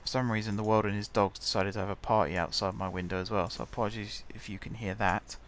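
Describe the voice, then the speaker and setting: A man's voice: lowish voice, fairly even intonation, quick pace, fairly bright tone, a little hiss or hum. A man chatting casually as he plays a building game, muttering to himself while he builds. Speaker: gaming channel host.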